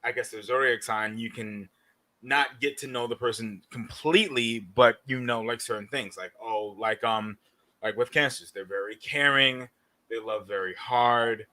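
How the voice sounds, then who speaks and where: A man's voice: medium pitch, normal speed, pushed and bright. A young man on a podcast, speaking in a loose, rambling way with a dry sarcastic edge. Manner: loose and rambling, many fillers, dryly sarcastic. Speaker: podcast co-host. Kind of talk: casual podcast chat.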